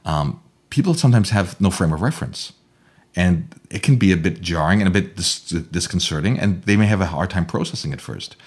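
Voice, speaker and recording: A middle-aged man telling a story in casual chat, playful and animated, slipping into voices for the people in it. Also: brisk. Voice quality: husky, animated with wide swings in pitch. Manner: playful, acts out voices in his anecdotes. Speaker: storyteller, podcast guest.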